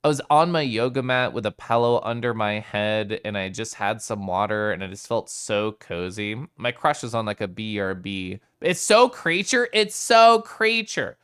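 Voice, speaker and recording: A man's voice: fairly low pitch, steady tone, moderate pace, hardly any pauses, fairly bright tone, clear, resonant tone. A man streaming live, chatting casually with his viewers, playful and giggly as he greets them by name.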